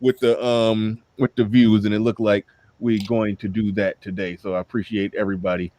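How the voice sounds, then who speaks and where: A man's voice: lowish voice, level tone, moderate pace, mellow, no echo. An American man hosting a livestream, chatting loosely and rambling, laughing often and repeating himself. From United States. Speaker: livestream host. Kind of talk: casual livestream chat.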